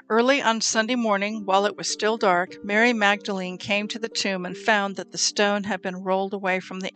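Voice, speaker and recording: A woman reading Bible passages aloud in a calm, measured storytelling way. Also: medium pitch. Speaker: scripture reader.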